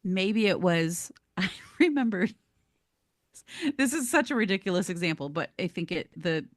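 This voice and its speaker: Woman cohost on a podcast, lowish voice, animated storyteller, dry close mic. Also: moderate pace, no room sound. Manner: animated storyteller, laughs easily. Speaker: podcast co-host. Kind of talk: casual podcast conversation.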